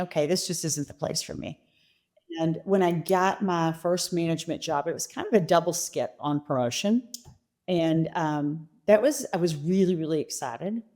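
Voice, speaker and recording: A middle-aged woman, a company chief, telling animated stories about her career in an interview. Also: mid-range voice. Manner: animated anecdotes, quoting her father. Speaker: guest, company CEO. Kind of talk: interview storytelling.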